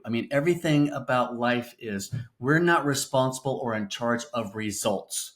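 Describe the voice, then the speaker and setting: A man's voice: medium pitch, normal speed, few pauses, a bit bright. A middle-aged man co-hosting a faith-based parenting podcast, talking in a rambling, encouraging, casual way. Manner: rambling, frequent fillers and restarts, encouraging. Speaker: podcast co-host.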